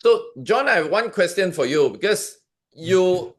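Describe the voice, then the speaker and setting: A man's voice: high-pitched, expressive, a little slow. A man hosting an interview, asking long questions and backing the guest with short affirmations. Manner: frequent short affirmations, encouraging. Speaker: interview host.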